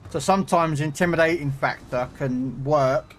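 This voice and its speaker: A middle-aged British man talks on a game stream in a loose, rambling way. His voice sits a little high for a man, and he keeps stopping and restarting his sentences with plenty of fillers. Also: normal speed, soft background music. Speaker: gaming streamer. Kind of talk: casual chat.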